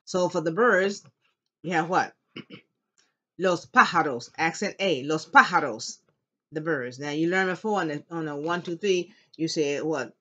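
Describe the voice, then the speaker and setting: Bright, encouraging woman teaching a class. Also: deep voice. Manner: slow, emphatic modeling of Spanish words for students to repeat; upbeat and encouraging. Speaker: Spanish teacher. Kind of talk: classroom language lesson. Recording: dull lo-fi classroom recording.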